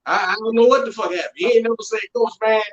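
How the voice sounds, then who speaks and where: A man's voice: high-pitched, racing, crowd noise. A man who works as a strength and conditioning coach, talking in casual podcast chat and telling blunt, profane stories about the gym. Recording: echoey, dull remote call audio.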